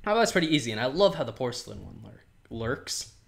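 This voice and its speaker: A man's voice: mid-range voice, very animated, quick pace, creaky, fairly bright tone. Rambling, giggly young man playing a game. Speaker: Minecraft let's player. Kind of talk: casual gameplay commentary.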